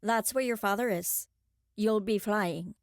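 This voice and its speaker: A woman's voice: medium pitch, unhurried, no echo, clean studio sound, close to an everyday voice. A woman voicing a polite, composed male chauffeur with a slight foreign accent in an audiobook. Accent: slight unplaced foreign accent. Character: calm mysterious male chauffeur.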